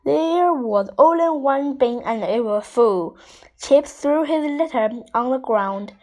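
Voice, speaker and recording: A woman's voice: sits high, lively intonation, slow, dark tone, rough recording. A woman reading a children's storybook aloud, carefully and with small slips.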